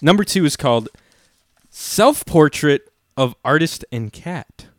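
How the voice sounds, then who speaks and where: A man's voice: fairly high pitch, animated, slow pace, no echo, clean studio sound. A young man co-hosting a casual podcast, joking crudely and stumbling over foreign titles. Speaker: podcast co-host. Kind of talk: casual chat.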